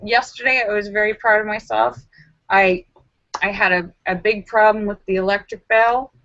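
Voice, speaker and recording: A woman hosting a casual live stream from home, telling stories in a rambling way with lots of fillers and restarts, and acting out her own frantic self-talk in sudden high squeals. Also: animated, normal speed, fairly bright tone, no room sound. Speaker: livestream host. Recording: dull lo-fi sound.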